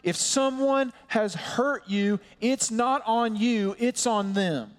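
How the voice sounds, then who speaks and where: A man preaching a sermon as pastor, earnest and impassioned, slowing down to stress his points. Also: extremely high pitch. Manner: earnest, impassioned preaching with slow emphatic pauses. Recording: long hall reverb.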